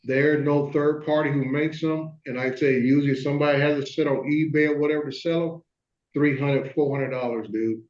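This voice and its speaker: A man's voice: a little high, fairly even intonation, brisk, a little mellow. A laid-back man chatting casually on a live stream. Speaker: regular on live chat stream. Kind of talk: casual chat. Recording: echoey, muffled room mic.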